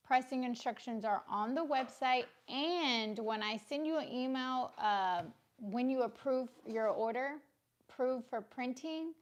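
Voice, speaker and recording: A woman, casually co-hosting a business livestream, brisk and teasing, with a sore throat. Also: sits high.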